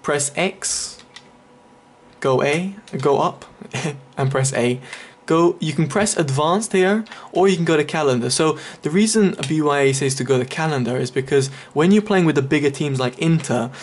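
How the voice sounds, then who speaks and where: A man's voice: fairly high pitch, moderate pace, slight background noise. A man giving casual, chatty commentary over a game walkthrough, explaining each step with many fillers. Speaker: gaming video creator.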